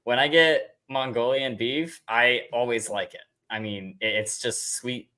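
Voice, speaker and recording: A man's voice: mid-range voice, fairly even intonation, unhurried, sharp tone. A man co-hosting a podcast, talking casually in a hesitant, plainspoken way. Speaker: podcast co-host. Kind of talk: casual chat.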